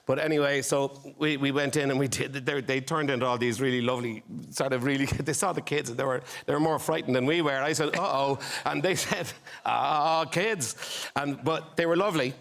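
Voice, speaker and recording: A man's voice: medium pitch, steady tone, quick pace, few pauses, fairly bright tone. Chuckling man telling a story. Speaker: talk show guest. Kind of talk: rambling anecdote.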